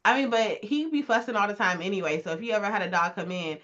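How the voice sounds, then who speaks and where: A woman's voice: medium pitch, fast talker. A woman co-hosting a casual podcast chat, telling stories animatedly and acting out voices with laughter. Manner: animated storyteller who acts out voices with laughs. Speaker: podcast co-host. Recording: dull lo-fi recording.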